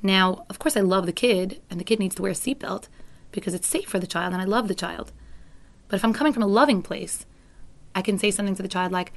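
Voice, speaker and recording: A woman's voice: medium pitch, fast. A middle-aged woman parenting educator giving an earnest talk to parents. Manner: earnest, acts out teacher voices in quotes.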